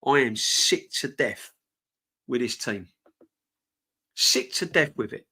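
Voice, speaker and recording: A man's voice: mid-range voice, animated, slow, bright, forceful tone, slightly rough. A man hosting a fan channel live stream, ranting with passion and repeating himself. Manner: passionate, fuming, repetitive.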